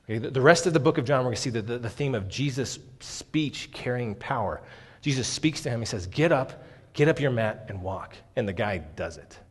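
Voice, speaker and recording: A man's voice: mid-range voice, lively intonation, brisk, slightly rough. A man preaching a sermon on a Bible passage in an earnest, emphatic way, often saying "okay", in a church hall. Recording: long hall reverb.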